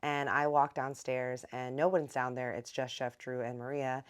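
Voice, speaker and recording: A young woman telling a long storytime to her followers in a bubbly, chatty manner and sweetly addressing them directly. Her voice is strikingly deep for a woman, though she stays light and playful as she runs through the details. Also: flat delivery, moderate pace, smooth. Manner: bubbly, chatty, addresses viewers as y'all and kittens. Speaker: storytime vlogger. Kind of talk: casual storytelling.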